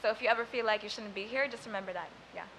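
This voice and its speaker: A woman's voice: mid-range voice, very fast, fairly bright tone, slight background noise, poor audio. A young woman from Sudan whose first language is Arabic, performing spoken word poetry live and chatting casually between poems. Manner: chatty and self-deprecating between poems, rhythmic when reciting.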